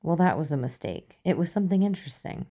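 A woman's voice: low voice, sing-song, fast, vocal fry, mellow, full character voice. A woman reading the part of a wry, teasing male FBI agent who cannot sleep, in an amused, dry manner.

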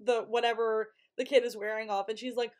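A woman whose voice sits on the high side talks fairly quickly, co-hosting a podcast and loosely going over a TV episode. With animated energy, she acts out the characters' lines during the retelling.

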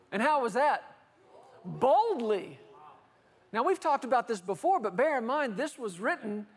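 A man preaching a sermon in a very high voice. He talks to the congregation in a lively, rhetorical way and slips into acted quotes to make his point.

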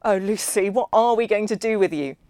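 A woman reading the part of a brash, drunk man who talks loudly and bluntly at a dinner party. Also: mid-range voice, fairly quick, dry recording, voice pushed up, close to an everyday voice. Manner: loud, blunt, dismissive. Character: brash, drunken, swearing male host at dinner.

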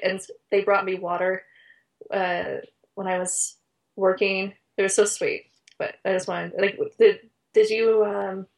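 Woman guest chatting, hesitant, lots of ums and uhs. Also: mid-range voice. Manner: hesitant, halting, lots of fillers, warm enthusiasm. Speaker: race reporter guest. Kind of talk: casual interview chat.

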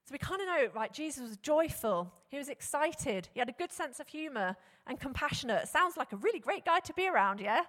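A woman preaching a sermon, animated and conversational, often posing rhetorical questions to the congregation. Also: sits high, brisk, hardly any pauses. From England. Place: church hall. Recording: long hall reverb.

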